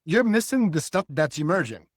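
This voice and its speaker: An older man and guest cartoonist, talking in a reflective, philosophical way and telling animated stories in a relaxed interview. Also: on the high side, moderate pace, no room sound, studio quality. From Hull, Massachusetts.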